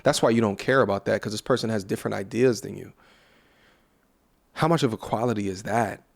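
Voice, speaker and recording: A man's voice: fairly low pitch, a little fast, gravelly. A man hosting a casual reaction commentary, blunt and profane as he lectures. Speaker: commentary host.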